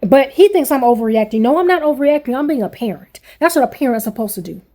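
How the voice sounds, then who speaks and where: Woman, 40s, high-pitched, furious parent venting to camera; blunt, profane, repetitive. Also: lively intonation, fast, dark tone. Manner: blunt, heavy swearing, repeats herself. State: angry. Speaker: parent vlogger.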